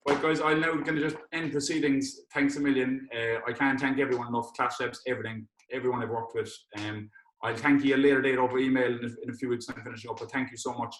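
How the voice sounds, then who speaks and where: A young man from hosts an awards evening and thanks people one after another, full of restarts and fillers. His voice is flat in pitch and his words come quickly. The room around him sounds roomy and echoing. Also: slight background noise. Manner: heartfelt, rambling, many restarts and fillers. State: tearful. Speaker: students' union president hosting an awards event. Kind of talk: emotional thank-you speech on a video call.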